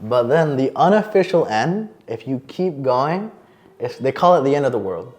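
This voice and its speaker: A man chatting as a podcast guest, a lively storyteller with plenty of fillers and restarts. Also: medium pitch, normal speed. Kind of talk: casual interview chat.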